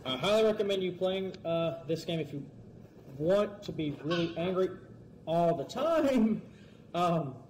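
A man giving let's-play commentary, talking fast and excitably and pleading and yelling at the game. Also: on the high side, slight background noise. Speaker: gamer.

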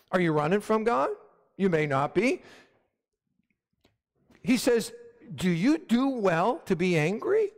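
Male pastor with a high voice, emphatic sermon delivery and congregational call-outs, in a long-reverb sanctuary. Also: smooth. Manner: emphatic, calls for "Amen?" from the congregation. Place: hot church sanctuary with fans running.

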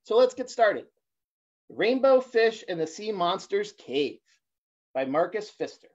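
A man in his forties, a guest reader, reading a children's picture book on a livestream, halting at times with fillers and restarts. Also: sits high, big pitch swings. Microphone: phone or laptop for a livestream. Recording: dull lo-fi livestream audio.

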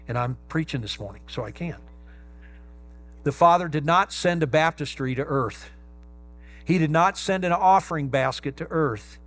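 Male pastor, emphatic sermon delivery, slightly higher-pitched voice. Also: a bit bright. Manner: emphatic preaching, stresses key words slowly.

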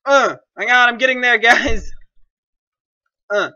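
A young man giving excitable, complaining, self-mocking commentary while playing a game. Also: extremely high pitch, measured pace, pauses often, dry recording. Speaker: gaming commentator. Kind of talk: casual gameplay commentary.

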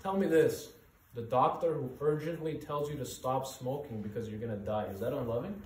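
A man's voice: medium pitch, fairly quick, recorded from a distance, a little hiss or hum. A male pastor preaching a sermon with urgent, earnest rhetorical questions. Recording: echoey room, voice from off-mic.

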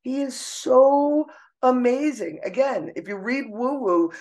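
A middle-aged woman speaking as a podcast guest, expressive and emotional, laughing often as she talks. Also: high-pitched, slow. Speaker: podcast guest, artist and author. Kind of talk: casual conversational interview. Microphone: own microphone.

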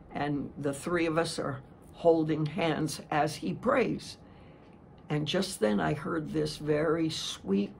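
An older woman giving a sermon, telling a personal testimony in an earnest, slow storytelling way with frequent restarts. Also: deep voice, creaky, slight background noise. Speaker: speaker giving a testimony talk.

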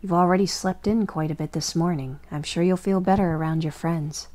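A woman voicing a calm game doctor. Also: fairly low pitch, brisk, lightly acted. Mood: soothing. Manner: soothing, reassuring. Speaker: doctor caring for a patient. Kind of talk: game dialogue. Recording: game audio with music underneath.

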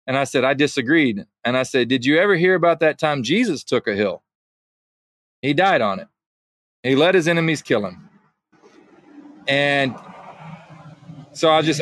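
A man on a podcast as a guest, telling a story in a lively way, acting out both sides of an exchange and laughing often. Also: mid-range voice, no echo. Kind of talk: casual podcast conversation.

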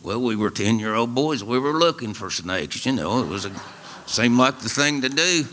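An older man with an East Tennessee drawl spins a wry, homespun tale for a live radio audience. His voice is bright and forceful at a middling pitch, easygoing and dry in its humor. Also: lively intonation, moderate pace. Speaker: storyteller and musician.

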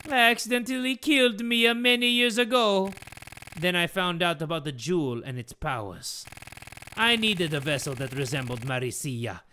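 A man voicing a scheming old father and cult villain, gloating slowly in a strange put-on accent. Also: high voice, sharp tone, a little hiss or hum. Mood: menacing.

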